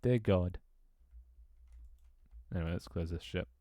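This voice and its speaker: A UK man live-streams from a small room at home, chatting casually and often grumbling, swearing and laughing. His deep, warm voice keeps a measured pace. The sound is clean and studio-like, with no echo.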